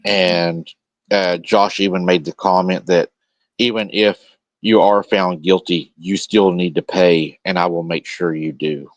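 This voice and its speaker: A man's voice: sits low, steady tone, measured pace, no echo. A man hosting a livestream, commenting on a clip in a mocking, sarcastic way. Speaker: stream host.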